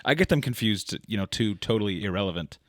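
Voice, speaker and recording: A man's voice: fairly low pitch, animated, quick pace, a bit bright, dry recording. A young adult man co-hosting a podcast in casual chat, laid-back with dry, sarcastic humor. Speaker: podcast co-host.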